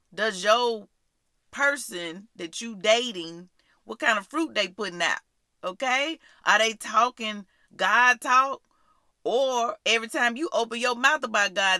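A woman's voice: mid-range voice, pushed and bright, dry recording, clean studio sound. A woman hosting her faith vlog from a small prayer closet, reading scripture and preaching in a casual, emphatic way, answering her own questions and repeating lines. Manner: emphatic call-and-response, repeating lines, folksy. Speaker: podcast host and faith teacher.

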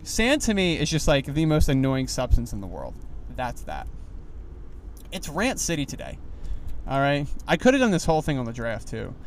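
A young man hosting a solo podcast while driving, rambling in a loose, animated way with lots of fillers. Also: medium pitch, normal speed, a little hiss or hum. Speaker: podcast host. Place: inside a car.

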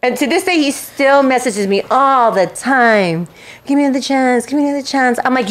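A woman hosting a casual chat show, telling a story in an animated way, acting out quotes and swearing. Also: high voice, normal speed. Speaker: show host.

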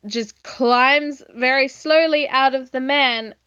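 A woman's voice: high voice, takes it slowly, smooth, no room sound, dull audio. A woman, casually retelling a horror film plot with a co-host, chatty and full of fillers. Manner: relaxed, chatty, retells plots with filler words. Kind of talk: casual film review chat.

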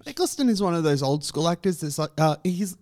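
A man with a somewhat high voice chatting on a casual podcast. He gives playful opinions, pausing on ums as he works them out. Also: animated, a little mellow. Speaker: podcast co-host. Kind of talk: casual chat.

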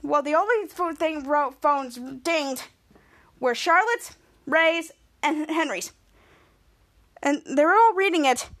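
A woman's voice: high voice, lively intonation, takes it slowly, long pauses, fairly bright tone. A woman hosting a podcast, retelling an episode in a rambling run-on way, stringing everything together with "and". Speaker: podcast host. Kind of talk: casual episode recap.

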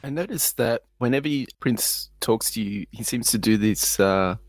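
A man interviewing a guest, asking a measured, inquisitive question. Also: mid-range voice.

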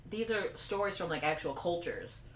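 A woman's voice: on the low side, animated, normal speed. Young female podcast host, casual retelling, faint background hiss. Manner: loose, filler-heavy retelling with many "like"s. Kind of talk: casual storytelling chat. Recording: roomy room, distant mic, faint hiss.

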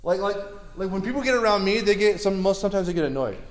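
A man preaching a sermon in a lively, conversational way, repeating words and asking the crowd questions. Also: sits high, quick pace, reverberant.

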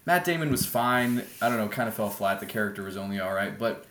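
A man chatting as a podcast guest about films, ranting in an animated, opinionated way into a laptop mic. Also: on the low side, fast talker, reverberant. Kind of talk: casual film chat. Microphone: laptop built-in mic.

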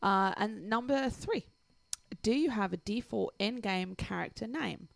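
English woman, podcast co-host, giggly, gravelly edge, dry mic. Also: medium pitch, dry recording. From England. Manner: giggly, laughs often between lines. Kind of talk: casual chat, reading a listener email aloud.

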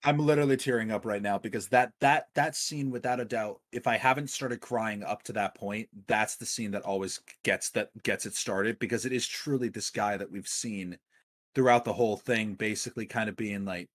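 Low-voiced rambling enthusiastic man. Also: fairly even intonation, moderate pace, a bit bright. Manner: enthusiastic, rambling with many fillers. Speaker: podcast co-host. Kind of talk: casual film discussion.

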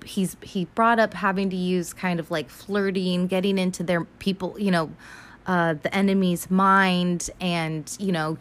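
Lower-voiced woman swearing through a recap. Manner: chatty, profane, animated retelling. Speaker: vlogger recapping an animated film. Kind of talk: casual recap chat.

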